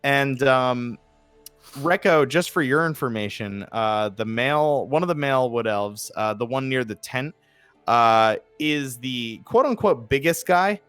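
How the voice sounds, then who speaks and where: A man's voice: medium pitch, lively intonation, measured pace, a bit bright, clean tone, dry recording, faint music behind. Rambling New Jersey man running a game. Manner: rambling, many fillers, laughs often. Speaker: game master. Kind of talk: narrating a tabletop game.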